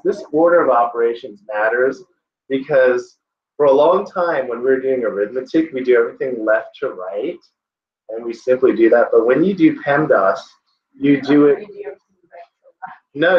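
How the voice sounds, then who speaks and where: Male test-prep tutor, chatty lecture style, roomy echo, recorded from across the room. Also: mid-range voice. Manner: conversational, checks in often with "okay?". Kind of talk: classroom lecture. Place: classroom. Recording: echoey classroom, distant muffled mic.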